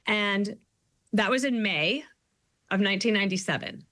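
A woman in her fifties, a guest author, telling stories in an animated, quick way during an interview. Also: mid-range voice, no room sound, studio quality. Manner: quick, animated storytelling with quoted asides. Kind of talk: interview conversation.

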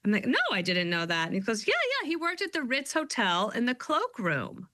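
A woman's voice: medium pitch, very animated, fairly quick, sharp tone, no echo. A woman guest author talking in a casual interview, chatty and upbeat, telling stories with playful quoted voices.

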